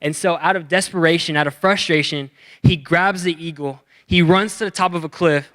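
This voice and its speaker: A young man preaching to a youth group, his voice smooth and clear and sitting a little high. He talks with energy and playful slang and acts out the characters as he tells their stories. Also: a little fast, fairly bright tone. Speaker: youth pastor. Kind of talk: youth sermon with acted-out stories.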